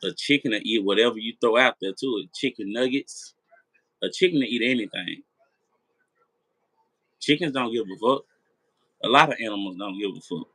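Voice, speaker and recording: A man's voice: fairly low pitch, moderate pace, pauses often, fairly bright tone, breathy edge, no room sound, poor audio. A man hosting a late-night live chat, rambling, repeating himself and swearing as he talks straight to his viewers. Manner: rambling, repetitive, profane. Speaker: live stream host.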